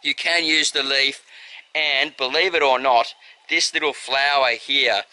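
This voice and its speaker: A man's voice: medium pitch, fairly even intonation, unhurried, pushed and bright, a little hiss or hum, low-quality recording. A man with an Australian accent hosting a casual gardening vlog, chatty and enthusiastic, addressing viewers as his friends. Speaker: gardening channel host.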